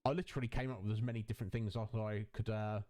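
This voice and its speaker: Speaking at a racing pace in a lowish, dark, steady voice, a Twitch streamer rambles through a relaxed live stream on a headset mic, chatting back to his viewers.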